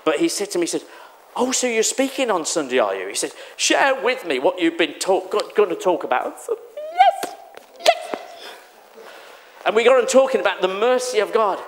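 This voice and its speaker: A man preaching a sermon in a church, animated and exclamatory, acting out the voices he quotes. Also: sits high, fast, a little hiss or hum. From England. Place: church hall.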